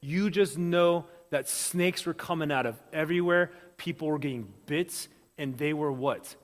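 A man preaching a sermon as pastor, lively and animated, acting out the voices of the people in his story. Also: on the high side, normal speed, long reverb tail.

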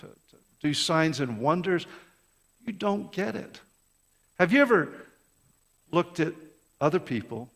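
A gravelly, fairly high-pitched male pastor preaches passionately in a church sanctuary, piling up rhetorical questions and repeated words. The large hall gives the recording a long reverb.

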